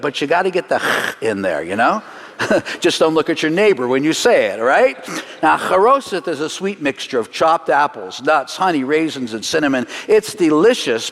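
A man preaching in sermon style, his voice a little higher than most men's. He is earnest, drops slow and soft for solemn points, and lightens things with small jokes. A long reverb trails his words as in a big hall. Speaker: messianic teacher leading a Seder demonstration. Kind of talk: sermon-style teaching to a congregation.

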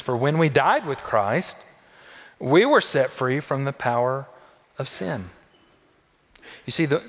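Preaching man in a reverberant hall. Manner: emphatic, builds to loud high peaks then drops low and soft; repeats phrases for emphasis. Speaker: pastor. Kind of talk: sermon.

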